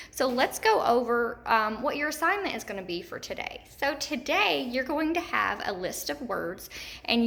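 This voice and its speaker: Woman teacher, higher voice, slow careful delivery, recorded lesson for kids. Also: a bit bright. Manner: slow, clear teacherly enunciation, repeats words. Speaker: third grade teacher.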